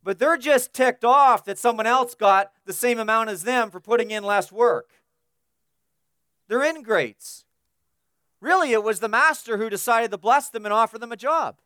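A man's voice: very high voice, normal speed, sharp tone, smooth, no echo. Male preacher with a resonant voice, dry close sound, builds emphatic repeated lists. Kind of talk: expository sermon.

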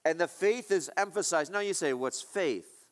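Emphatic preacher, fairly high voice. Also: male voice, fairly quick. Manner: emphatic preaching with rhetorical questions. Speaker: pastor. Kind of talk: sermon.

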